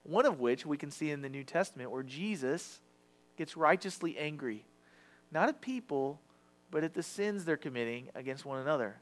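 A man preaching a sermon in a conversational, confessional way, acting out quoted voices. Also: on the high side. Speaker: pastor.

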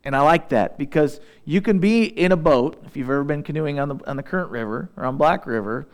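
A man delivers a sermon in a somewhat high voice. He reads scripture at a slow, measured pace. Between readings he drops into easygoing, conversational remarks to his listeners. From Southeast Missouri. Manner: reads scripture slowly and deliberately, then shifts into relaxed conversational asides. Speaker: pastor.

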